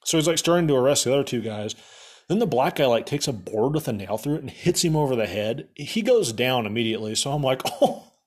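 A man's voice: medium pitch, lively intonation, quick pace. A young man casually recapping a movie for laughs, rambling with lots of fillers and sarcastic asides.

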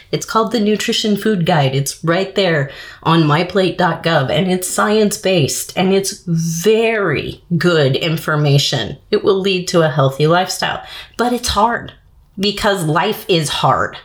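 Woman in her 30s, dietitian venting to camera, blunt, exasperated, swears freely. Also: lowish voice. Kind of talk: ranting vlog monologue.

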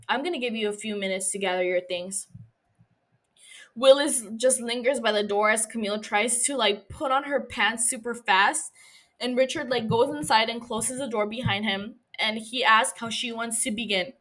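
A woman podcast host recapping a TV episode in casual chat, reacting with lively, profane outbursts. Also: a little high. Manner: animated, profane, gushing reactions.

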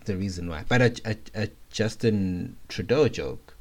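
A man co-hosting a podcast, talking in a measured, laid-back way. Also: on the low side, a little mellow. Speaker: podcast co-host. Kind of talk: casual podcast chat.

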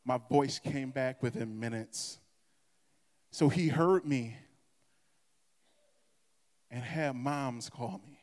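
A man's voice: mid-range voice, slow pace, long pauses, a little mellow. A male pastor preaching a sermon in an impassioned, emphatic way. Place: church sanctuary. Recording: echoey church hall.

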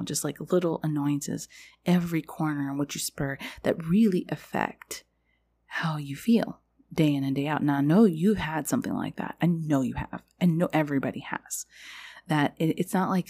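A woman's voice: low voice, creaky, mellow, slightly rough. A young woman hosting a podcast, talking in a rambling, confessional way with lots of fillers. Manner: rambling, confessional, heavy use of "like". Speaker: podcast host. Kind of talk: casual spiritual podcast monologue.

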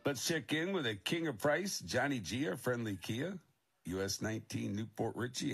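A man hosting a radio morning show, giving weather, time checks and shout-outs in brisk, jokey DJ patter. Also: mid-range voice, lively intonation, gravelly, soft background music. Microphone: studio broadcast mic.

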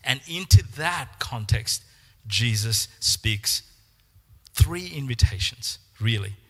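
A man preaching a sermon, animated, repeating words and acting out the voices he quotes. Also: medium pitch, takes it slowly, husky, big-room sound.

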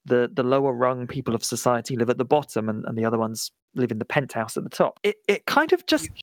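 A man's voice: mid-range voice, animated, fast talker, no echo, studio quality. A man co-hosting a comedy podcast, chatting casually, giggling often and rambling with repeated words. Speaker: podcast co-host.

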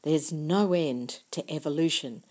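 A woman's voice: deep voice, a little slow, darkish tone. A woman reading an audiobook, voicing an earnest young girl who explains things with intense, insistent eagerness. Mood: earnest, eager. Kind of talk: audiobook character voice.

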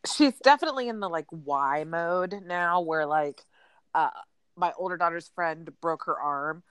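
A woman's voice: lowish voice, a little slow, smooth, no echo. A woman in her thirties co-hosting a casual chat podcast, telling anecdotes animatedly with many ums and uhs. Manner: animated storyteller, fillers like um and uh. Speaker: podcast co-host.

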